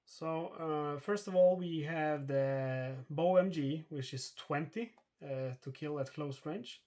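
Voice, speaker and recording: A man talks through a solo tabletop wargame, explaining each rule and roll in a casual running commentary. His voice sits a little higher than most men's, and he often stops to restart or correct himself with plenty of fillers. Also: takes it slowly, darkish tone. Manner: thinks aloud with many fillers and self-corrections. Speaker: board game player narrating a solo playthrough.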